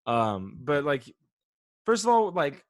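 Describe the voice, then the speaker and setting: A young man co-hosts a casual podcast and tells a story in loose, rambling bursts with plenty of swearing and laughter. His voice sits a little higher than most men's. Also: very animated, takes it slowly, no room sound. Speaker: podcast co-host. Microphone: podcast mic.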